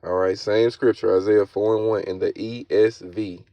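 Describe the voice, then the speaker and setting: A man giving casual, slang-heavy scripture commentary, often tagging his lines with "all right?" and reading verses aloud slowly. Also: on the low side, fairly even intonation, dry recording. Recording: dull, lo-fi, dry sound.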